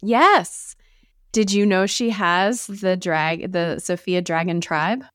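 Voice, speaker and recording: Smooth low-voiced woman, dry close sound. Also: slow pace, no room sound. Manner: enthusiastic, rambling, lots of "like". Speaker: podcast guest, fellow podcast host. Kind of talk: casual conversational interview.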